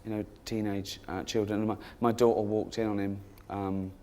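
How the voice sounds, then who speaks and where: A weary middle-aged woman explains a family problem in a flat, matter-of-fact way, as a male comedian voices her. Her voice sits low and plain, with halting pauses. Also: lightly acted.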